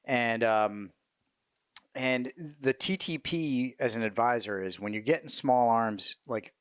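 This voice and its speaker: A middle-aged man, a military veteran, telling war stories in a casual interview, cursing freely, animated and laughing as he goes. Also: mid-range voice, slow, clear, resonant tone, no echo, clean studio sound. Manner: profane, animated, laughs mid-story.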